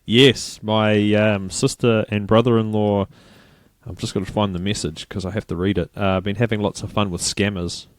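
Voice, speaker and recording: A man co-hosting a podcast, relaxed and laughing easily as he tells stories. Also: fairly low pitch, moderate pace, dry recording, studio quality. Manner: relaxed, laughs often, mimics callers. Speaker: podcast co-host. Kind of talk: casual podcast chat.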